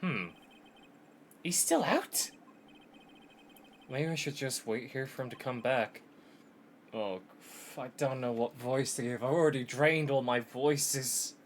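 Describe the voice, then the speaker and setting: A man's voice: mid-range voice, measured pace, slight background noise. A man streaming a game, commenting in profane, self-mocking asides.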